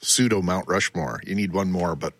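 A man's voice: low-pitched, normal speed, vocal fry, a bit bright, no echo. A male co-host in casual chat, offering brief, dry remarks. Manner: dry, short quips.

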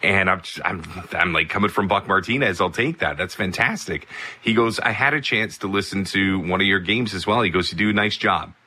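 A baseball broadcaster telling a casual personal anecdote, animated and full of asides. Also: male voice, sits low, fairly quick. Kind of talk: casual storytelling.

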